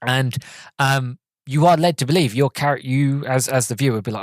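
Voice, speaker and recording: A man's voice: mid-range voice, normal speed, dry recording. Rambling male podcast host, dry sound. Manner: rambling, filler-heavy, frequent "sort of". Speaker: podcast host, film reviewer. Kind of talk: casual solo review podcast.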